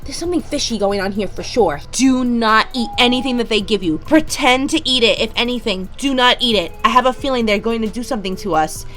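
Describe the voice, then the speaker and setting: A woman's voice: on the high side, fairly quick, hardly any pauses, a little hiss or hum, lightly acted. A woman voicing a protective mother urgently warning her family at a spooky party. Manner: urgent, warning in a hushed hurry. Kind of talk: toy play story voicing.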